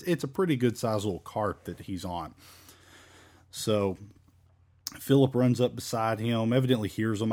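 A man's voice: lowish voice, a little mellow. A man teaching a Bible study in a casual, rambling way, with many fillers and restarts, into a home microphone. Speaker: Baptist preacher.

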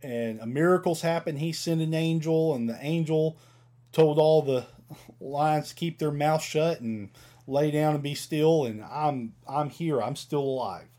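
A man's voice: a little high, a little slow, dark tone, natural voice. A man voicing a faithful male prophet who calls up from a pit, earnest and reassuring, in a Bible teaching. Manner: earnest, reassuring, plain modern paraphrase.

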